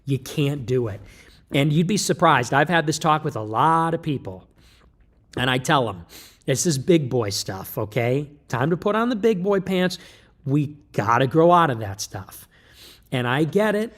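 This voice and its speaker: A man's voice: fairly high pitch, very animated, unhurried. A man delivering an emphatic, lecturing livestream monologue, loose and joking in tone. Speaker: livestream commentator.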